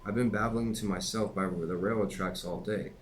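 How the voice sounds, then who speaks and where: Male author reading his memoir, low voice, casual delivery with slips and asides. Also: fairly even intonation, normal speed, slight background noise, low-quality recording. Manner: plain conversational delivery with occasional slips and asides.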